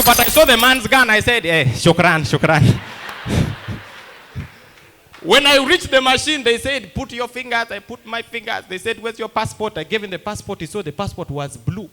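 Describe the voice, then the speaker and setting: A man's voice: very high-pitched, normal speed, a little hiss or hum. A man doing a stand-up comedy set, telling stories and acting out the voices of other people. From Uganda. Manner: animated storytelling that acts out other people's lines.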